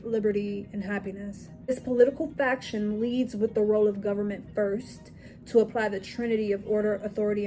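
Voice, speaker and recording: A woman with a mellow, darker tone lectures in a commentary monologue, firing off rhetorical questions and stacking points into emphatic lists. Soft music plays faintly underneath. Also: medium pitch. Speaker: political commentary vlogger.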